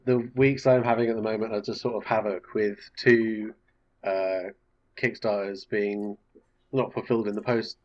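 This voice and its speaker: A man from the UK, a game designer guest on a podcast, chatting casually with dry quick quips. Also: fairly low pitch, a little mellow, highs cut off. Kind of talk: casual chat.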